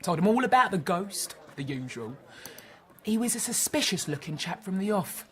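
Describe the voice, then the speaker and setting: A cheeky ghost maid. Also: female voice, medium pitch, very animated, moderate pace, fairly bright tone. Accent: Cockney. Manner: cheeky, scornful, chatty. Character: sly ghost of a London maid, woman. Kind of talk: audio drama acting.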